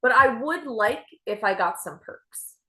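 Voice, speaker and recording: A young woman performs stand-up with a bright, crisp tone. She jokes dryly at her own expense in a deadpan way. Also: a little high, unhurried. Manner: self-deprecating, deadpan delivery. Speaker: stand-up comedian. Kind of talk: stand-up set.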